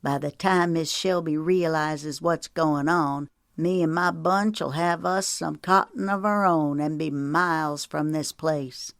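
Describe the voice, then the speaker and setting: A woman voicing a slow, sneering male villain. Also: low-pitched, gravelly, no room sound, clean studio sound, full character voice. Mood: sly. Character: sly menacing male thief, low drawl.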